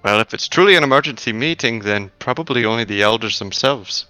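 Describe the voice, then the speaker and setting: Bright-voiced man running a tabletop game. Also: mid-range voice, animated, dry recording, faint music behind. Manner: casual, halting, filler-heavy. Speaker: game master.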